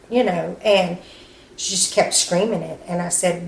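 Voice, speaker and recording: A woman recounts events in an interview, her voice a little low. She speaks haltingly with many "um"s and acts out the lines of others as she tells it. The sound is echoey with faint background noise. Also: steady tone, creaky, a little mellow. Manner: halting, acts out quoted dialogue, frequent "um" and "you know". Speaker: interviewee, sister of the victim.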